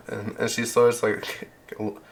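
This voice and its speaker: Slow-talking man running a tabletop game. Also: fairly low pitch, flat delivery. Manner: casual, halting, many restarts and laughs. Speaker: game master.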